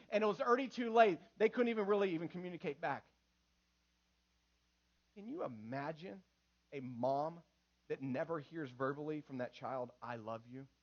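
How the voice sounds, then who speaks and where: A man, a pastor, preaching a sermon with emphatic repetitions, going from loud and urgent to hushed and quiet. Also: extremely high pitch, muffled recording. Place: church sanctuary.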